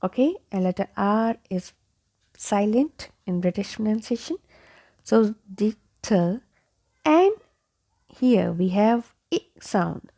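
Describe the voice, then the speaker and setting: A woman leads a pronunciation lesson at an unhurried, deliberate pace. Her voice has a gravelly, fried edge. She says each word over and over and keeps checking with 'okay?'. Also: mid-range voice, expressive, dark tone. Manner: repeats each word several times, asks 'okay?'. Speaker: English pronunciation teacher.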